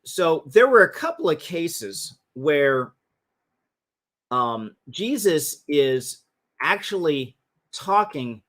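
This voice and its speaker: A man's voice: a little high, fairly bright tone. Man teaching on a casual livestream. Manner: casual, restarts phrases, talks through slides. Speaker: host. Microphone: livestream mic.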